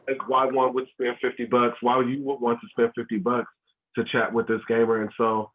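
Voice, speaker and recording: A man's voice: mid-range voice, monotone, moderate pace, slight background noise. Guy running a family workshop on a video call, loose and chatty with lots of ums, sound thin like a phone line. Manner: casual, many ums and restarts. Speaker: host of a school family learning session. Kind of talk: online workshop talk.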